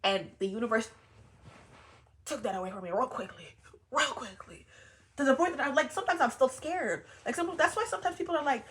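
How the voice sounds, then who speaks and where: A young woman talking in a casual vlog as a spiritual content creator, animated and repetitive, with swearing and laughing asides. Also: high voice, fast talker. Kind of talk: casual personal vlog monologue.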